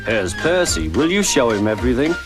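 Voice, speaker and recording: A man voicing a brisk, kindly male railway boss in a children's storybook, firm but encouraging. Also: medium pitch, very animated, close to an everyday voice. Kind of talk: storybook narration with character voices. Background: background music.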